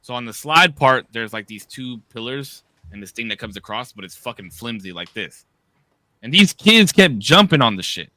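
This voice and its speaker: A man in his thirties co-hosting a podcast, telling profane, animated stories and shouting the quoted lines. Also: mid-range voice, normal speed, no room sound. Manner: animated, profane storytelling with loud quoted outbursts. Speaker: podcast co-host. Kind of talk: casual storytelling.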